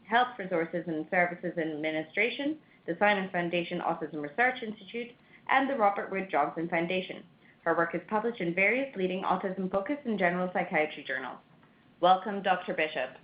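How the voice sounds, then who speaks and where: A woman's voice: lowish voice, expressive, fairly quick. A woman hosting a webinar, reading the announcements and a speaker introduction. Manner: reads announcements and a speaker bio. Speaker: webinar host. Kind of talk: scripted introduction. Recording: roomy, dull lo-fi audio.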